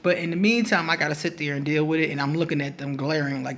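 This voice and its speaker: A woman talking straight to camera in a casual astrology vlog, blunt and animated, breaking into laughter between her points. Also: low-pitched, quick pace, a little hiss or hum. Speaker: astrology vlogger.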